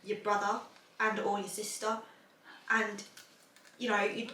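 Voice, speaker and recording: Bright, chatty woman in a roomy room. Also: mid-range voice, completely flat delivery, a little slow, slight background noise. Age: 20s. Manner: chatty, rambling, laughs often. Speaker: podcast host. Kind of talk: casual chat. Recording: roomy room, mic at a distance.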